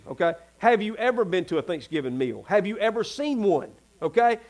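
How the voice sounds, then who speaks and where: Folksy Southern preacher, high-pitched man. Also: lively intonation, fairly quick, few pauses, a little mellow. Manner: folksy, preacherly, with asides to the congregation. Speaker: pastor. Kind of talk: sermon. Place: church sanctuary.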